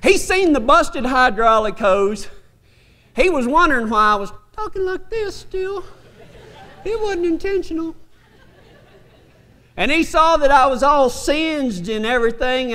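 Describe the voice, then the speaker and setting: A man preaching a sermon, telling a funny story in a folksy, animated country way. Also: extremely high pitch, moderate pace, some chatter behind. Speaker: pastor. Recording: reverberant hall.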